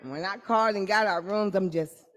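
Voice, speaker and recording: A woman's voice: medium pitch, moderate pace, big-room sound. A woman eagerly greeting a church assembly, saying how thrilled she is to be there. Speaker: church member.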